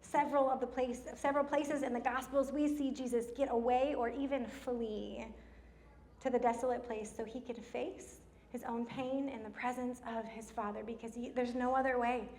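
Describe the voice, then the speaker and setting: High-voiced woman preaching a sermon. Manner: animated storytelling with laughs and slowed emphasis. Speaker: pastor. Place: church.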